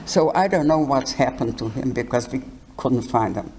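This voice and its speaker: An older woman giving her life testimony in an interview, speaking haltingly and often restarting words. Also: a bass voice, expressive, a little mellow, a little hiss or hum. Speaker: Holocaust survivor interviewee.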